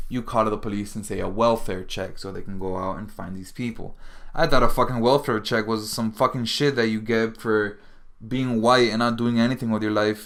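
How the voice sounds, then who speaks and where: A man from Miami hosting a podcast, reading news aloud and rambling in a heavily profane, casual monologue with sudden loud outbursts. He sounds tired. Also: lowish voice. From Miami, Florida. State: tired and hungry. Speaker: podcast host.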